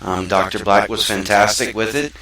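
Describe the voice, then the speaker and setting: A lower-pitched man with a bright, forward edge, talking earnestly and loosely like a show host. He sits some way back from the mic in a very echoey room. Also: steady tone, normal speed, recorded from a distance. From South Mississippi, USA. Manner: earnest, rambling, conversational. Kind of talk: casual talk-show monologue.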